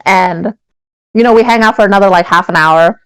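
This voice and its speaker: A woman co-hosting a podcast, telling an animated, profane story in casual chat. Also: medium pitch, a little fast, clean tone, no echo, rough recording. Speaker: podcast co-host.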